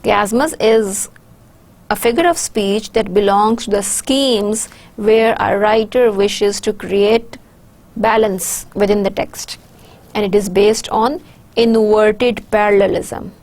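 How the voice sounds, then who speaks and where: A woman with a Pakistani English accent delivers a recorded university lecture. She talks in a measured, explanatory way and often pauses on "uh" while she searches for the next word. Her pitch sits in an ordinary middle range. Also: steady tone, darkish tone. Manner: measured, with frequent "uh" hesitations.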